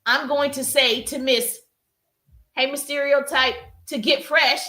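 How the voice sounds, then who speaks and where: A woman's voice: sits high, steady tone, a little slow, bright, forceful tone, reverberant. A woman coaching viewers on a live stream, talking emphatically, repeating herself and calling them "baby" and "pretty people". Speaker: social media coach hosting a live stream. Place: livestream while working out.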